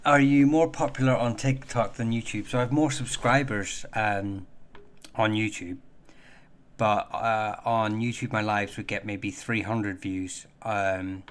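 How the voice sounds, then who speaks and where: Hosting a casual livestream, a man with a rather low voice chats with viewers in a halting, rambling manner, full of fillers and restarts.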